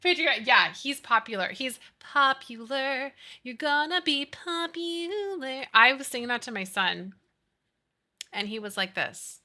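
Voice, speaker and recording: A woman's voice: high voice, lively intonation, unhurried, bright, forceful tone. A woman in her thirties chatting casually and animatedly with her live chat, giggling and gushing as she talks. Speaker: streamer.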